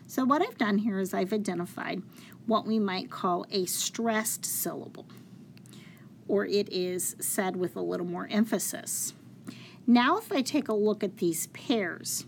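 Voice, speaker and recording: A woman's voice: mid-range voice, lively intonation, unhurried, a little hiss or hum. A woman teacher giving a classroom lesson on poetry, patiently explaining step by step and counting syllables aloud.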